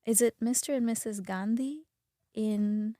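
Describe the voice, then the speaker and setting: A woman's voice: fairly high pitch, a little slow, warm tone, no room sound, studio quality. A woman, a daughter talking through her memories in a rambling, curious way in a casual interview. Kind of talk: casual conversation.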